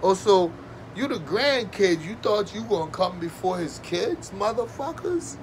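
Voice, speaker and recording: Man, comedic rant, high voice, slow deliberate delivery, mocking and sarcastic, heavy swearing. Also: big pitch swings, slight background noise. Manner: breaks into loud fake wailing and laughter.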